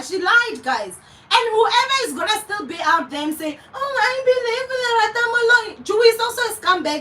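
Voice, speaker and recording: High, bright South African woman ranting. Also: far from the mic, low-quality recording. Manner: heated, profane, repeats herself for emphasis. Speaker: vlogger. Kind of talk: angry commentary rant.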